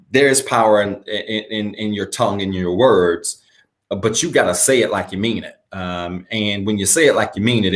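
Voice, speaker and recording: A pastor with a lowish male voice speaks to viewers of his church's online broadcast. He talks in an unhurried way and repeats his points, then reads a declaration slowly with pauses so people can say it after him. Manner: unhurried, repeats calls to action; slow, measured reading with pauses for repetition.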